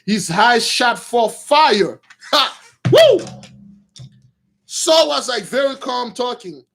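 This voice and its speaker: A man retelling a Bible story with lively, slangy commentary, calling his listeners brothers. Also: very high-pitched, slow, creaky.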